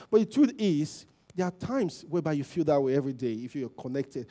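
A man giving a conversational sermon as a lay preacher, often checking in with "okay?" and "you know", rising loud at emphasis and trailing off low. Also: big pitch swings, fairly quick.

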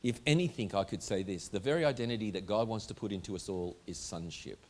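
A man's voice: on the low side, quick pace. A man preaching a sermon to a congregation in a church, emphatic and driving home his points with repeated rhetorical questions. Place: church hall before a congregation.

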